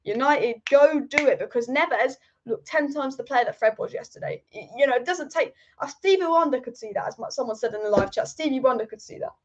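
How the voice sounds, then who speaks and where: A woman with a high voice hosts a live football stream. She rambles with strong opinions and repeats her points for emphasis, and the audio is dull and lo-fi. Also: a little fast, hardly any pauses, a little mellow. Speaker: football channel host. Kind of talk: live-stream football chat reading viewer comments.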